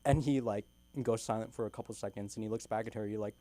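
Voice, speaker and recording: A man's voice: lowish voice, steady tone, fast talker, warm tone, no echo. A young man from California doing a stand-up set at an open mic in a small comedy club, rambling loosely and giggling through his own jokes.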